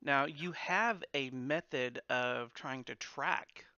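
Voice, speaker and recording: A man's voice: medium pitch, slow, bright, forceful tone, clear, resonant tone, no room sound, lo-fi sound. A man narrating as the game master of a tabletop game, with a casual manner, laughing often.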